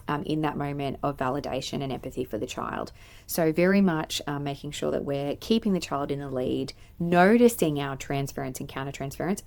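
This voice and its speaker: A woman's voice: sits low, creaky, a little mellow. A woman, a play therapist, hosting a podcast and explaining therapy skills in a thoughtful way with many filler ums. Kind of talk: teaching podcast monologue. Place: playroom.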